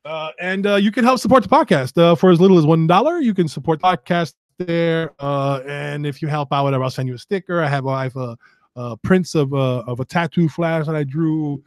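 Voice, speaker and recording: A man's voice: a little high, a little fast, dry recording, clean studio sound. A middle-aged man, hosting his own podcast in casual, rambling, profane chat while he sets up a live stream. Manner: rambling and profane, muttering to himself. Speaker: podcast host.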